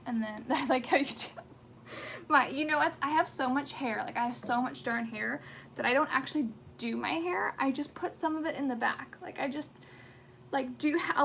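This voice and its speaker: Her voice is on the high side, gravelly, and a bit bright, with slight background noise. She's a US woman in her thirties hosting a casual skincare livestream from a home room with pets, chatting in a rambling way full of fillers and restarts.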